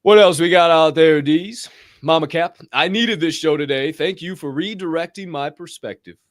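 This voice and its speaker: A man hosting a podcast, giving energetic shout-outs in casual chat, swearing freely and whooping. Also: on the high side, normal speed, no echo, clean studio sound. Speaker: podcast host.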